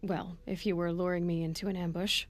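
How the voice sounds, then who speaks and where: A calm young female hunter from a video game , voiced by a woman, measured and firm in every line. Her voice sits in a middle register. It is recorded close and dry. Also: fairly low pitch, dry recording, natural voice.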